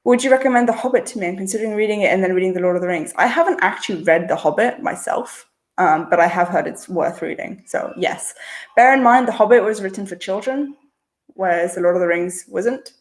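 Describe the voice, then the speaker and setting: A young woman hosting a casual livestream, reading out chat questions and answering in a relaxed, chatty way, thinking aloud before she replies. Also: medium pitch, fairly quick. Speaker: channel host.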